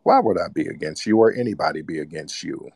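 Host type: low-voiced man, mocking and scolding tone, call-in show, dry close sound. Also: expressive, quick pace, creaky, darkish tone, slightly rough, no room sound. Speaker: host of live call-in broadcast. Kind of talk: casual call-in radio talk.

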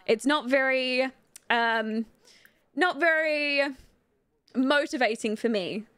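Young woman live streaming a game, rambly and candid, lots of "like", highish voice. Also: fairly bright tone, clear, resonant tone, no echo. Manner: rambling and candid, lots of fillers, quick to laugh. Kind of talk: casual live-stream chat while playing.

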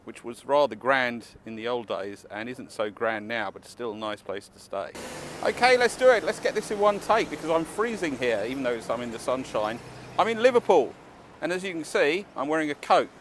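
A man's voice: mid-range voice, lively intonation, brisk, hardly any pauses, fairly bright tone. A man vlogging casually to camera outdoors on a city street, chatty and enthusiastic with wry asides. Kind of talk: casual walking vlog to camera. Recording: faint street noise outdoors.

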